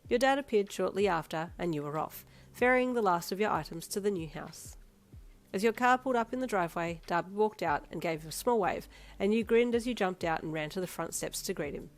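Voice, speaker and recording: A woman narrating a second-person fanfiction story in a steady reading voice. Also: on the low side, fast. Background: soft instrumental music.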